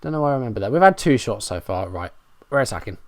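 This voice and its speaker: A man's voice: mid-range voice, big pitch swings, fast, dry recording. A man giving running play-by-play commentary on a football management game, frustrated and self-mocking. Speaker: gaming YouTuber.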